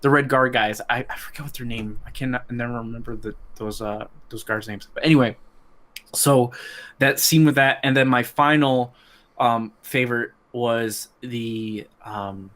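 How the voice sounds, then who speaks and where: A man chatting casually as a podcast guest, voice in a middle register. He rambles and restarts often, hunting for words, and gets loud and excited when something thrills him. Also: mid-range voice, measured pace. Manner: animated, rambling, many restarts and fillers. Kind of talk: casual chat.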